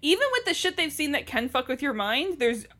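A woman talks through a TV episode with her co-host in loose, casual chat. Her voice is bright and sits a little high. She laughs easily and swears in passing. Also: big pitch swings, brisk. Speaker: podcast co-host recapping a TV episode.

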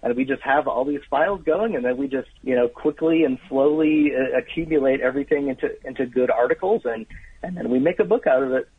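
A man's voice: medium pitch, fairly quick, slightly rough, dry recording. Enthusiastic man on a tinny phone line. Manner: animated, storytelling, enthusiastic about trivia. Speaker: guest author. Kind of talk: phone-in radio interview. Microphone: telephone.

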